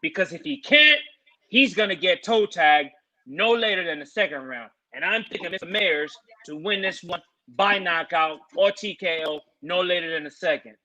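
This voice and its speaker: A man with a high, bright voice breaks down fighters' stats in order. He lays out numbers methodically and then gives his prediction in a casual podcast chat. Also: lively intonation, moderate pace, dull audio. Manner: methodical, walks through stats. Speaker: podcast co-host giving picks.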